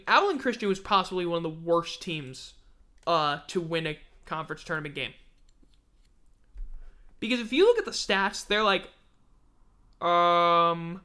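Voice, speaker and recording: A man's voice: high-pitched, sharp tone. A man hosting a casual sports recap, blunt and sarcastic, tired and yawning. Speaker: host of a sports podcast.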